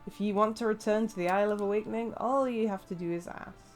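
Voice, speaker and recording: A woman voicing a blustering male pirate captain, hammy and loud, with faint game music behind. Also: medium pitch, steady tone, fast, close to an everyday voice. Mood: hearty.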